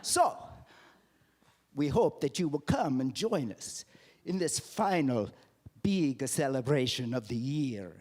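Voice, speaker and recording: A man's voice: medium pitch, animated, slow, a little mellow, husky. A man playing a jolly Italian man with a put-on Italian accent, theatrical and sprinkling in Italian words as he invites a congregation to a party. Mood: exuberant. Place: church sanctuary.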